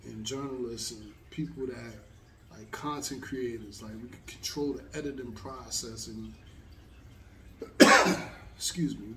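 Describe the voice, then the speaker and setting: A man's voice: medium pitch, a bit bright, roomy sound, far from the mic, a little hiss or hum. A man telling a long story in a casual, rambling way, with many fillers. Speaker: host.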